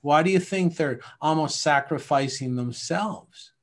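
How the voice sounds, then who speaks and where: A man's voice: a little high, unhurried. A man from Canada talking in a casual podcast conversation, emphatic and rambling, often acting out little scenes.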